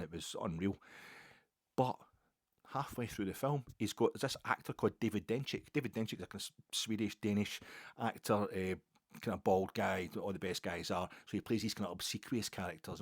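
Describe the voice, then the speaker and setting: A man's voice: sits low, slightly rough, no echo, studio quality. A man with a Glaswegian Scottish accent, hosting a football podcast and telling rambling, self-mocking stories in casual chat. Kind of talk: casual monologue.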